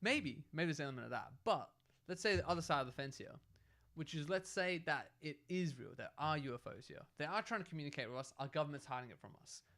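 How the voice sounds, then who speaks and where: A young man, co-hosting a casual podcast chat and arguing his theory in an animated way. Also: fairly high pitch, quick pace, gravelly. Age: young adult. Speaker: podcast co-host.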